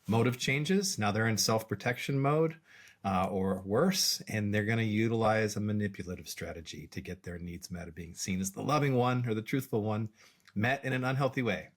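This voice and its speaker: A middle-aged man, a podcast co-host and executive coach, explaining ideas in a measured way with many fillers and restarts. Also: lowish voice, expressive. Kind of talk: casual explanatory chat.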